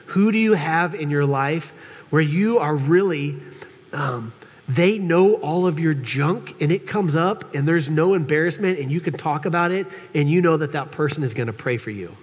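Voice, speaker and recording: A man's voice: a little high, animated, normal speed, slightly rough. A man preaching as a pastor in a conversational sermon, candid and joking, talking straight to his congregation. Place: church sanctuary. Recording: dull recording with long church reverb.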